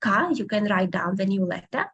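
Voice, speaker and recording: A woman teaching an online beginner language class, patiently repeating words slowly over a video call. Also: mid-range voice, breathy edge, highs cut off.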